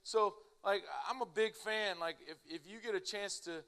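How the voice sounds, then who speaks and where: Man, slightly high voice, lively storyteller, chuckles as he talks. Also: moderate pace, clean tone. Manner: animated, laughs through his own story. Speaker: speaker at a church family event. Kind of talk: humorous storytelling to a live audience.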